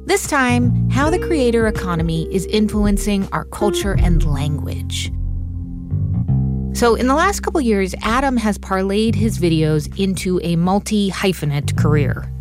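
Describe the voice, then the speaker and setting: A woman hosting a radio show, narrating from a script and interviewing a guest in a measured, curious way. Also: medium pitch, lively intonation, over loud music.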